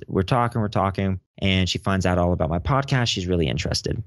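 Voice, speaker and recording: Energetic young man, deep voice. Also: brisk, no echo, clean studio sound. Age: young adult. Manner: energetic, animated storyteller. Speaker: podcast guest, teen podcast host. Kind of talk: casual interview storytelling.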